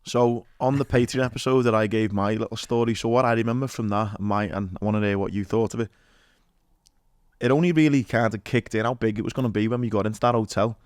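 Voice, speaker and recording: A man hosting a podcast, chatting casually and quickly with lots of "like" fillers. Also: lowish voice, steady tone, no echo, studio quality. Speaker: podcast host. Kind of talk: casual chat.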